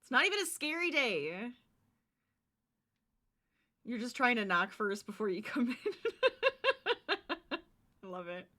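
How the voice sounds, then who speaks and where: A woman chats with her stream audience as she crochets, her voice bright and a touch high. She is bubbly and laughs easily. It sounds like a desk mic in a room at home. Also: lively intonation, a little slow, long pauses. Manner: bubbly and giggly, chatting to viewers. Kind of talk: casual chat while crocheting on stream.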